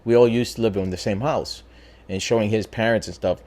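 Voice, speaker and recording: A man casually telling a spooky personal story as a podcast host, talking in a lively, profane way. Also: lowish voice, a little fast. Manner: animated, profane, acts out voices in his story.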